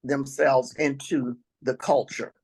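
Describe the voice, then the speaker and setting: An older woman with a raspy voice, a retired teacher telling travel stories as an interview guest, now and then clearing her throat. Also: rumbling low, steady tone, takes it slowly, darkish tone, low-quality recording. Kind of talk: storytelling interview answers.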